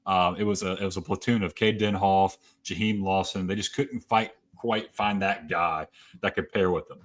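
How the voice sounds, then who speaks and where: A man co-hosting a casual sports podcast in a very deep voice. He talks confidently and runs through statistics quickly. His tone is easy and conversational. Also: fairly even intonation. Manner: confident, rattles off stats. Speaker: podcast co-host.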